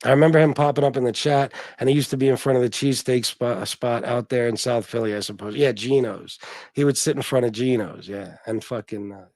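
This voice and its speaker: Brisk and mid-range with a darkish tone, the livestream host's voice comes through without echo. He reads chat comments and donations casually, rambling, cursing freely, and often restarting his sentences.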